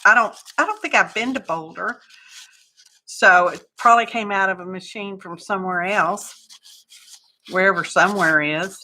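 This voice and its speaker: Folksy woman, craft livestream host, bright and chatty. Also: mid-range voice, normal speed, a little hiss or hum. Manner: chatty and folksy, greets viewers by name, says y'all. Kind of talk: casual live craft chat.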